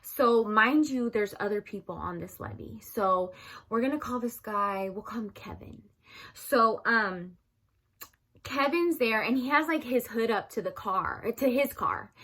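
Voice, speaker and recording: Bright chatty young woman storyteller. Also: fairly high pitch, expressive, measured pace. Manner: chatty, addresses viewers as "you guys", acts out quotes loudly. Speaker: storyteller vlogger. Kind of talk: casual storytime vlog.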